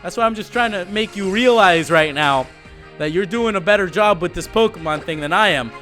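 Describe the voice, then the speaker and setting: A man talks through a video game in a casual, slangy, joking way, full of laid-back asides. His voice sits high and sounds bright. Faint game music runs behind him. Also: a little fast. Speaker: let's play host. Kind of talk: casual gaming commentary.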